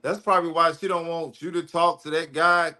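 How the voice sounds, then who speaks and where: A man co-hosts a talk show and weighs in emphatically. His voice is bright and a little high. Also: level tone, fairly quick. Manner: emphatic, sides with guest. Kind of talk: casual talk-show commentary.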